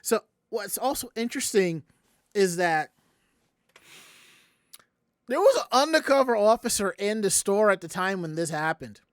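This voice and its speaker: A Southern American podcast host with a high-pitched voice tells a long story at a measured pace with long pauses, animatedly voicing every quoted line on his casual show. The recording is clean studio sound with no room sound.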